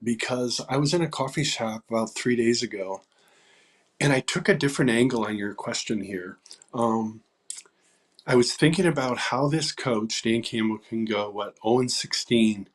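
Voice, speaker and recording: In a laid-back interview, a male songwriter in his sixties recounts stories haltingly, full of fillers, lowering his voice to a whisper on quoted words. His pitch is mid-range.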